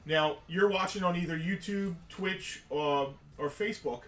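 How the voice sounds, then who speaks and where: Guy co-hosting a toy sale stream, kinda high voice, rambles on, roomy echo. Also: a little slow, a bit bright. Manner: chatty, explains at length. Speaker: co-host and toy seller. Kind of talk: casual live-stream sales chat. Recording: echoey room, mic at a distance.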